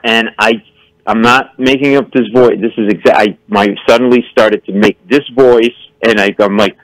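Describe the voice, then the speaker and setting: A man's voice: lowish voice, normal speed, no echo, rough recording. A man, a comedian guest on a radio show, telling a story with lots of acted-out voices and mock stammering. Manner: excitable, acts out voices, stammers for effect. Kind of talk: animated storytelling.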